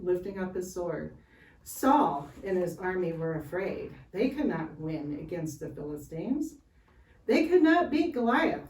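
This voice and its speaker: A woman telling a Bible story to children at Sunday school, chatty and animated, with asides to the kids. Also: fairly low pitch. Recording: roomy, from far off, faint hiss.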